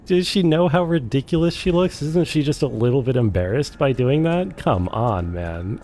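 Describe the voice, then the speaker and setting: A man's voice: medium pitch, lively intonation, normal speed, few pauses, a little mellow, slight background noise. A man streaming a game, chatting casually with viewers, sarcastic and swearing freely. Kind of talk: casual live game commentary. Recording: game music playing behind the voice.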